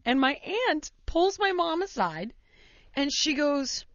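A fairly high-voiced woman tells a story in a loose, rambling chat, leaning on "like" and "you know" and laughing along the way. The sound is dull and lo-fi, dry and close with no room echo. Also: big pitch swings, slow pace, a bit bright.

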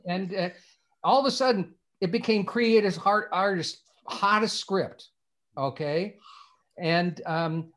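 An older man from Indiana, USA, a screenwriter guesting in an interview, rambles through a lengthy anecdote and repeats words as he keeps restarting. His voice sits high and sounds a bit bright.

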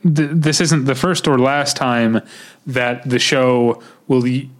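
Midwestern man, podcast co-host, mid pitch, loose rambling delivery full of ums. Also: fairly even intonation, slow pace. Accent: Midwestern American. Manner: rambling, lots of fillers and self-corrections. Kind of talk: casual chat.

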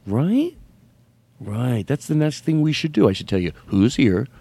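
A man hosting a casual comedy podcast in a dry, close studio sound. His pitch swings widely as he rambles. When a bit gets going he jumps up high and laughs through his lines. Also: big pitch swings, unhurried, dark tone, slightly rough, dry recording. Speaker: podcast host.

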